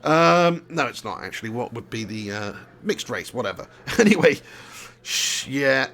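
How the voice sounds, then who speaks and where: His mid-range voice is very animated, creaky, pushed and bright, at normal speed. This southern English streamer keeps up casual gameplay commentary and chat, laughing a lot along the way.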